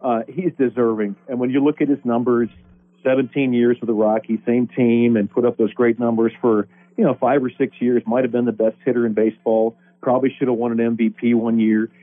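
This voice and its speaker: Husky man on a phone line. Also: medium pitch, little pitch movement, a little fast. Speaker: guest baseball broadcaster. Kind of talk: casual sports radio interview.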